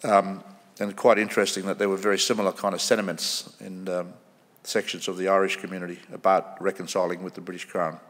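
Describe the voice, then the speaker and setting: A middle-aged Australian man from the Kimberley region, giving a formal lecture in a measured way, with pauses and ums. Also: deep voice, level tone, fairly bright tone. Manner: measured, pausing with ums, acting out quoted voices. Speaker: guest lecturer. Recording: echoey lecture hall.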